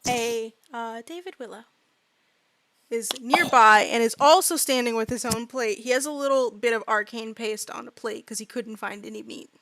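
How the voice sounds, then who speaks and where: A young woman narrating a tabletop game as game master, talking quickly with lots of fillers. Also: on the high side, fairly bright tone. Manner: fast, filler-heavy narration with laughs.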